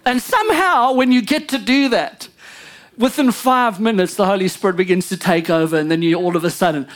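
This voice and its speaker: A woman pastor delivers an animated sermon at a middle pitch. She swings from loud, drawn-out emphasis to low murmured asides and keeps calling on the congregation to answer her. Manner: animated preaching, frequent "come on" and "amen".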